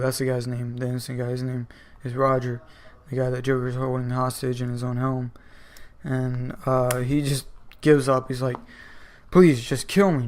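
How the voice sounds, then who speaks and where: A man's voice: mid-range voice, darkish tone, clean tone. Rambling man recapping comics casually. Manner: rambling, filler-heavy. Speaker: comic book reviewer. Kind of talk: casual video commentary.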